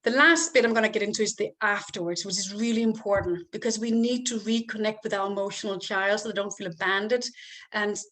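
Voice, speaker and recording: A woman giving calm, step-by-step parenting advice as a coach, sometimes acting out what to say to a child. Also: mid-range voice. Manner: calm, explains step by step and acts out example phrases to a child.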